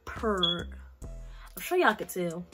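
A woman's voice: mid-range voice, fairly even intonation, moderate pace, loud music behind the voice. A young woman in her late teens with a South Carolina accent, answering Q&A questions in a blunt, slangy vlog where she swears freely. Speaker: vlogger. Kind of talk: casual Q&A vlog.

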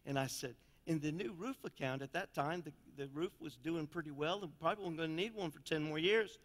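A man preaching a sermon as pastor, telling stories in a folksy way and swinging between loud and quiet passages. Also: on the high side, a little fast. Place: church sanctuary. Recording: long church reverb.

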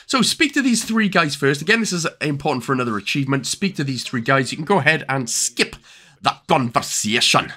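A man's voice: fairly high pitch, sing-song, a little fast, bright, forceful tone. A young man with a Welsh accent giving chatty, jokey game walkthrough commentary with lots of fillers. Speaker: gaming YouTuber.

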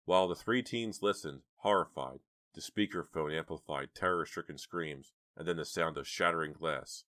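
Deep voiced guy reading an audiobook, steady, dry sound. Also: moderate pace, no echo. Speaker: audiobook narrator. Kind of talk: scripted audiobook narration.

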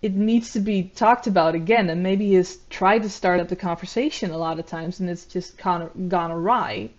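A woman commentating on a video, talking in a measured, reflective way with frequent ums and uhs. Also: on the low side, muffled recording. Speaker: YouTube commentator. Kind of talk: analytical commentary.

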